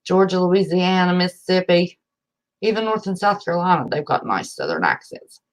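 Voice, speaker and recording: Lower-pitched Appalachian woman, livestream host, folksy and chatty, greets viewers warmly by name. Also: animated, moderate pace. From West Virginia. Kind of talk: casual livestream chat.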